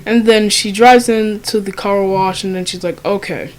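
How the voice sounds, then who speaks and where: A woman's voice: mid-range voice, fairly even intonation, moderate pace, poor audio. A young woman telling a story in a casual, profane way, with lots of ums and likes. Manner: casual, profane, many fillers. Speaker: vlogger.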